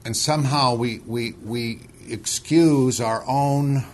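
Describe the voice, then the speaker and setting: Leading a Bible study, a man reads scripture and then presses his point urgently, often repeating words in a heated discussion. His mid-range voice is slow and steady, with a somewhat dark tone.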